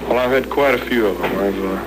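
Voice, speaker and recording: A man's voice: lowish voice, fast talker, heavy background noise. A young male singer interviewed on an old radio show, hesitant and polite, giving short answers and saying "sir". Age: young adult.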